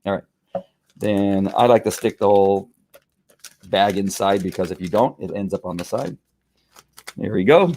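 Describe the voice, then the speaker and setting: A man's voice: on the low side, normal speed, pauses often, darkish tone, a little hiss or hum. A man chatting casually on a live stream, rambling through a product review with restarts and chuckles.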